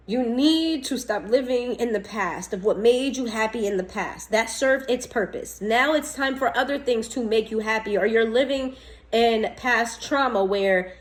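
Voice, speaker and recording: A woman's voice: a little high, low-quality recording. A woman reading tarot to camera in a casual, blunt and chatty way. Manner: blunt, scolding, chatty, laughs often. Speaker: tarot reader.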